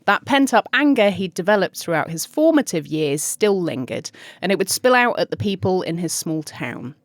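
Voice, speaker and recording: A woman's voice: fairly low pitch, sing-song, normal speed, no room sound. Giggly British woman telling true crime. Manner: chatty, giggly storyteller. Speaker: podcast host. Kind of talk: true crime podcast narration.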